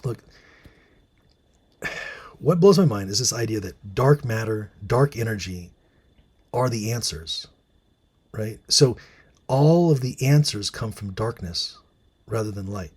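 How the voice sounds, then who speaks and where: Husky man musing with many fillers. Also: fairly low pitch, expressive, unhurried, long pauses, a little mellow. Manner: musing, many fillers and restarts, reads from articles. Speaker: host. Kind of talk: casual monologue commentary.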